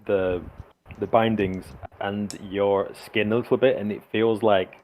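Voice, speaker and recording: Brief: male game master, lowish voice, halting narration full of ums and restarts. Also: flat delivery, highs cut off, slight background noise. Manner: hesitant, many fillers and restarts.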